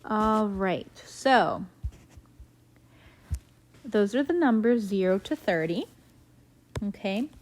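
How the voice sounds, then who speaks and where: Slow, patient woman teaching a class. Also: medium pitch, lively intonation, slight background noise, rough recording. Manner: patient, explanatory, frequent "okay?" check-ins. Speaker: Spanish teacher. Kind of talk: recorded classroom lesson.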